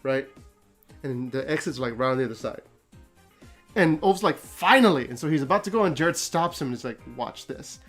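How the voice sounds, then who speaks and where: A man's voice: mid-range voice, fairly quick, long pauses, soft background music. A man hosting a casual story recap, talking animatedly, laughing often and acting out quotes. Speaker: host.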